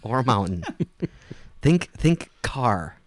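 A man hosting a casual podcast, laughing often and reading out listings slowly. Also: medium pitch, big pitch swings. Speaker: podcast host.

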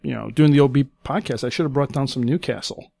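Teasing, quick-witted podcast man. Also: mid-range voice, gravelly, no echo. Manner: quick deadpan quips, teasing. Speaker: podcast co-host. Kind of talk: casual chat.

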